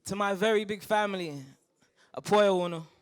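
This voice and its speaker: A man, the groom, giving an emotional wedding speech at a reception, halting and repeating himself between bursts of laughter. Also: high voice, steady tone, smooth.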